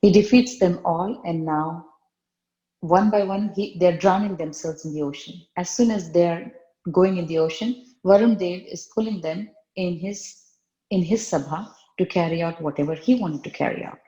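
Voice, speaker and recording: A woman's voice: fairly low pitch, moderate pace, dark tone, lo-fi sound. Woman retelling a scripture story, echoey. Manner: conversational retelling with repeated phrases. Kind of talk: spiritual storytelling.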